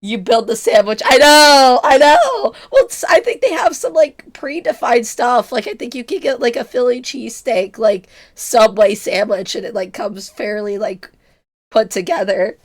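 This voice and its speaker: A woman in her twenties chats casually with her stream's chat, giggling and poking fun at herself while illness strains her voice. Her pitch is a little high, her pace normal, and her tone slightly mellow.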